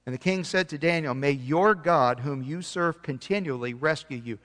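A man's voice: on the high side, moderate pace. Man preaching in a reverberant hall. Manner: reads scripture aloud, swings between loud emphatic and quiet; loses his place and corrects himself. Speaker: pastor. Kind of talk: sermon.

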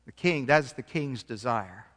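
A man preaching a sermon, reading scripture aloud and swinging between loud emphasis and quiet passages, sometimes losing his place and correcting himself. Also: medium pitch, expressive, normal speed, big-room sound. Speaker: pastor.

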